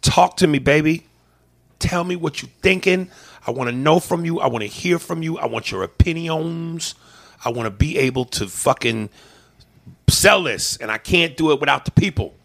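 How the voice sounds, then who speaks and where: A man's voice: fairly high pitch, expressive, moderate pace, creaky, a bit bright. A man hosting a podcast, chatting casually in a crude, profane and joking way. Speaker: podcast host.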